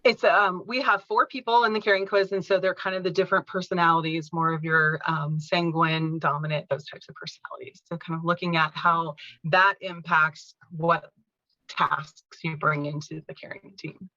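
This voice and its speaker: A woman telling a personal caregiving story in an interview, speaking earnestly and gently. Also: lowish voice, fairly even intonation, normal speed, no echo, muffled recording. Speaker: podcast guest, caregiving author.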